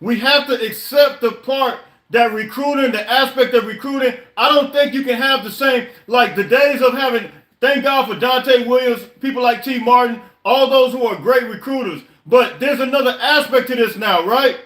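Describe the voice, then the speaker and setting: High-voiced frustrated man, echoey room. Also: moderate pace, few pauses, a bit bright. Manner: frustrated, repetitive, stammering restarts. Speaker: podcast host. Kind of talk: casual live-stream chat.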